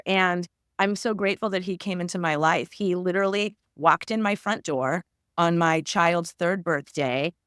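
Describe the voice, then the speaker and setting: Woman author guest, mid-pitched, earnest and reflective, dry close recording. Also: fairly bright tone, smooth, dry recording. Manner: earnest and reflective, many fillers. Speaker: guest author and tarot reader. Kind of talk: casual interview conversation.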